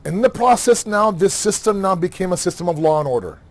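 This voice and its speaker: Animated male religious lecturer. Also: sits high, fairly quick. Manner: animated, rhetorical questions, acts out quoted dialogue. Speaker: Muharram lecturer.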